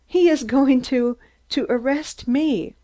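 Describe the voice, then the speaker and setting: A woman reading an audiobook, voicing a stunted, excitable man who rants in shrill, staccato bursts. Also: slow pace. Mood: gloating. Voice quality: shrill, squeaky. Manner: screaming, staccato, gloating.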